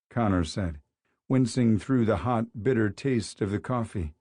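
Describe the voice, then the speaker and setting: A man narrating an audiobook in a steady, even storytelling manner, recorded in a studio. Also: lowish voice, unhurried, dry recording. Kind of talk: scripted narration.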